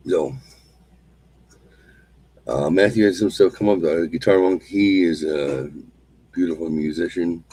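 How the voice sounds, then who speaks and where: Very deep, husky man hosting. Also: rough recording. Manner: calm, slow, repetitive chanting of phrases. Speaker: host. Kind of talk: solo show, guided mantra and casual chat.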